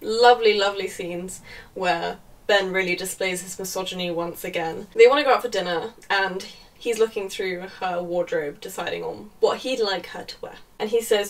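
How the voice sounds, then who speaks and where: A woman's voice: medium pitch, moderate pace, far from the mic, rough recording. A young woman giving a casual, sarcastic book review, often laughing and swearing in exasperation.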